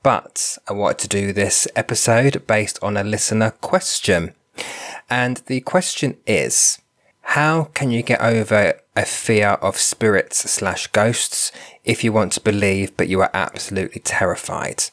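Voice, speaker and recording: A man hosting his own podcast, nasal and bunged up from a cold, talking gently and reflectively as he thinks aloud. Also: fairly low pitch, measured pace. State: congested from a cold. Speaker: podcast host and spiritual medium. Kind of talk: casual solo podcast talk.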